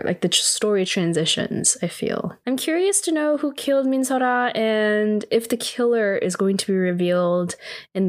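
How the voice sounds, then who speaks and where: A young woman casually recapping a TV drama episode, chatty and full of "like", her voice rising in disbelief at times. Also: medium pitch.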